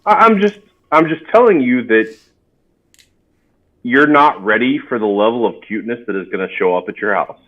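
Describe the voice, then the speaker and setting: A man's voice: mid-range voice, lively intonation, moderate pace, a bit bright. A man as a teasing, doting grown son. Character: earnest, doting adult son. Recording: dull lo-fi audio.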